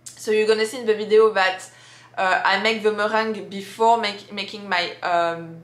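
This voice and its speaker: A woman's voice: mid-range voice, steady tone, moderate pace. A young woman from France with a French accent, chatting casually in a vlog with many fillers and restarts. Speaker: vlogger. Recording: echoey room.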